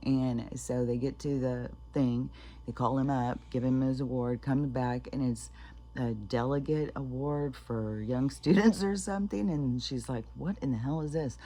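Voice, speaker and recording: A woman's voice: extremely low pitch, a little slow, mellow. A woman rambling through stories in a casual vlog, swearing freely and filling gaps with ums and restarts. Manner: chatty, profane, many fillers and restarts. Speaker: spiritual vlogger.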